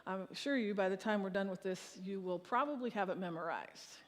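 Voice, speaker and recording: A woman's voice: medium pitch, brisk. Woman pastor giving a sermon, lots of long church echo around her. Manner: leads congregation in reciting a psalm. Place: large church sanctuary. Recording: long hall reverb.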